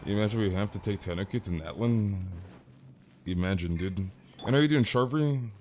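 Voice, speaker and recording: A man's voice: fairly low pitch, normal speed, darkish tone, a little hiss or hum. A young man streaming a game and chatting casually with viewers, rambling and tossing in "dude" and amused exclamations. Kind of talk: casual live-stream chat.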